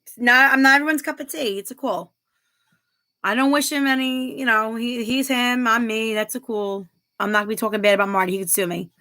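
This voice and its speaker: A woman in her thirties hosts a casual livestream, chatting, reading viewer comments aloud, and giggling often. Her fairly high voice is bright and forceful, a little fast, with fairly even intonation.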